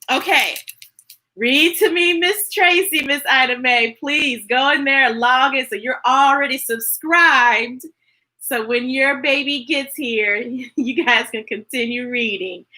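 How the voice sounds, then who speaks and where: A woman hosting a live storytime, talking to kids and viewers in a playful, animated way and laughing easily. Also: on the high side, rough recording. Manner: animated and playful, talks to children and reads chat messages; laughs easily and gets emotional. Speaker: children's storytime host. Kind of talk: live read-aloud storytime chat.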